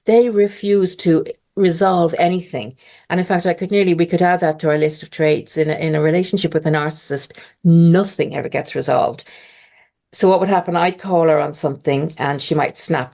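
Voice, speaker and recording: A middle-aged woman talks on a podcast, her voice sitting a little low for a woman. She tells her story in an animated, conversational way and jumps into other people's voices when she quotes them. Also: brisk. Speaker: podcast guest.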